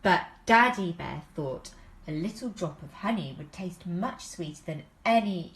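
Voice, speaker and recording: A woman reading a picture book aloud to preschool children, slow and expressive. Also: lowish voice. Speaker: storyteller for preschoolers.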